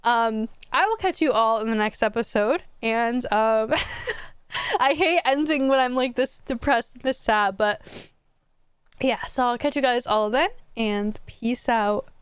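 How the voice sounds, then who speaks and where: A woman's voice: a little high, slow pace, clean tone, no echo, studio quality. A young woman casually commenting on her gameplay, chatty and emotional, talking straight to her viewers. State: tearful, near crying. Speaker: gaming YouTuber.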